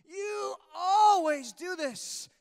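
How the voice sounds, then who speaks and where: Man putting on a shrill nagging spouse. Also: expressive, very slow, creaky, darkish tone, heavily acted. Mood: exasperated. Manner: exasperated, accusing. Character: nagging spouse scolding their partner.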